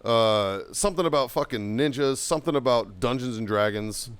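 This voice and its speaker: A middle-aged man, a podcast host, telling a profane story in casual chat, shouting when he quotes himself. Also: mid-range voice, moderate pace, smooth.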